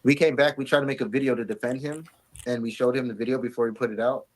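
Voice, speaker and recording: A man recounting past events in an interview, telling them in a steady stream. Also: medium pitch, fast talker, poor audio.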